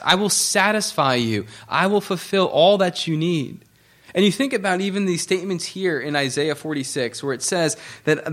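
Male pastor, higher-pitched voice, earnest sermon delivery with restarts. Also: fairly bright tone. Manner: earnest preaching with restarts, reading scripture aloud.

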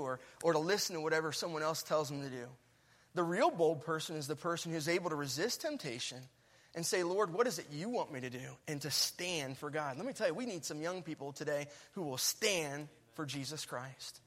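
A man preaching an earnest, animated sermon, addressing young people and reading Bible verses aloud. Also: a little high, big-room sound.

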